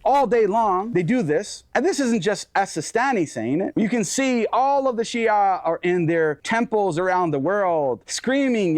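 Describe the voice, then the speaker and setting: A man's voice: high voice, lively intonation, a little slow, hardly any pauses, no room sound. A man in a played video clip, speaking in a mocking, taunting way as an online commentator.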